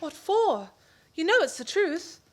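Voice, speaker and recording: An actress playing an emotional, pleading young wife in an amateur radio play. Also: female voice, extremely high pitch, very animated, measured pace, full character voice. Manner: pleading, gushing.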